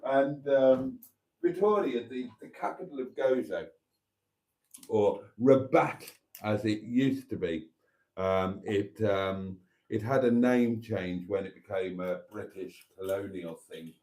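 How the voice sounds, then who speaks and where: A man's voice: fairly low pitch, takes it slowly, a little mellow. A man hosting a live stream from his motorhome, chatting in a rambling, easygoing way and laughing easily. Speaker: channel host.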